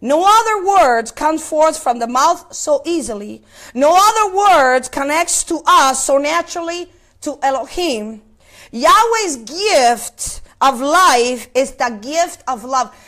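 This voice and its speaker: Woman preacher, very high voice, sermon delivery, questions to the congregation, halting repeats. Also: lively intonation, a bit bright. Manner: asks the congregation questions, repeats words while searching. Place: place of worship.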